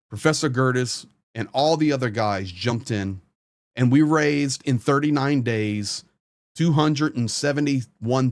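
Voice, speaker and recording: A man hosting his own channel, giving blunt, frustrated, impassioned commentary straight to the camera. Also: medium pitch. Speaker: host, volunteer supporter.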